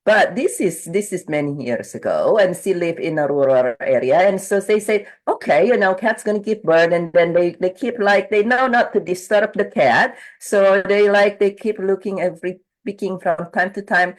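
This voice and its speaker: A woman's voice: moderate pace, hardly any pauses. Woman coach retelling a client story. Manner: rambling with restarts, acts out quotes in higher voice. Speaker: grief coach. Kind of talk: conversational interview.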